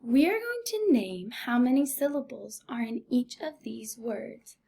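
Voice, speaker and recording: Slow, high-voiced teacher with vocal fry. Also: female voice, lively intonation, dark tone. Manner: slow, deliberate, encouraging teacher talk. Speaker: first grade teacher. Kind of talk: recorded remote phonics lesson.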